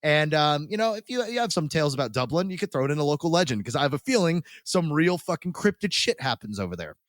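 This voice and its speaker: A man's voice: a little high, sing-song, fast, no room sound. Jokey man hosting a podcast, dry mic. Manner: jokey, laughs often. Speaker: podcast host. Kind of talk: casual podcast chat.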